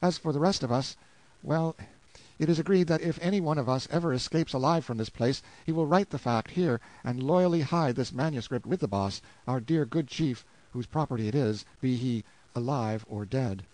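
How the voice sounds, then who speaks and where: A man's voice: medium pitch, moderate pace, darkish tone, dry recording, low-quality recording. Man reading a novel aloud. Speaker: audiobook reader. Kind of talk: scripted novel narration.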